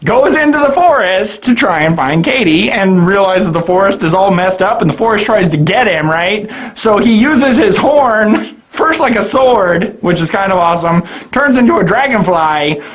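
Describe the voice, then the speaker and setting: A man's voice: high-pitched, expressive, moderate pace, poor audio. A drunk man rambling through a comedic anime review, swearing and laughing often.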